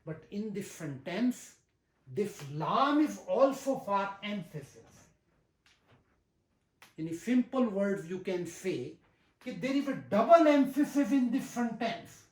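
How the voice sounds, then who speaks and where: Slow, deliberate teacher in a roomy space. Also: mid-range voice, animated, darkish tone. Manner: deliberate, repeats key terms for emphasis; recites verses slowly. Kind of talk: grammar lesson. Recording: roomy echo.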